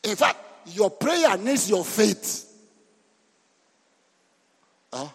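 A man preaching a sermon as pastor, lively and breaking into sudden shouts. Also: high-pitched, slow pace, pauses often, husky. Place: church hall. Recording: reverberant church hall.

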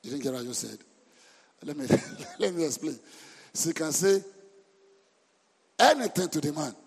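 A middle-aged man, a senior pastor preaching an animated sermon who repeats words and asks the congregation questions. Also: a little high, moderate pace, vocal fry, husky. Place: church hall. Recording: reverberant church hall.

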